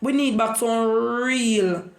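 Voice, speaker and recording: A woman's voice: fairly high pitch, slow pace. Jamaican woman, vlog monologue, repetitive preachy storytelling, echoey room. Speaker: vlogger. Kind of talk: casual monologue.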